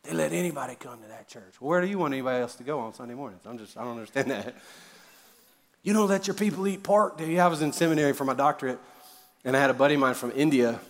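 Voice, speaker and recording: A man preaching a sermon as a pastor, conversational and joking, with sudden loud emphasis on key words. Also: medium pitch, rapid-fire. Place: church auditorium. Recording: reverberant large hall.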